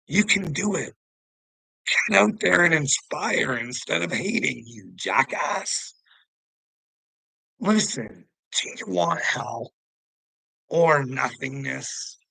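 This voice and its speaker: Male vlogger, gravelly and bright-edged, preachy and taunting, rambling monologue, dry close mic. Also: mid-range voice, very animated, takes it slowly, no echo, rough recording. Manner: preachy and taunting, jumps between topics, laughs to himself. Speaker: vlogger answering commenters. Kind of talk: casual rambling monologue to viewers.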